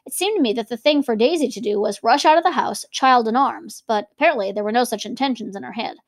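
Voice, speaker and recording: A young woman reading a novel aloud and breaking off now and then for chatty, lively comments about it. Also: a little high, quick pace, dry recording, studio quality. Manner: lively, switching between reading and chatty asides. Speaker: reader and teacher.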